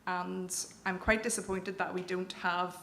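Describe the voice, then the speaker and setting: Gravelly Northern Irish woman telling a story. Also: fairly low pitch, level tone, measured pace, a bit bright. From Northern Ireland, County Down. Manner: candid, self-deprecating, wry. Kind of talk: live personal storytelling. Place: event venue with audience. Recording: echoey hall with faint room noise.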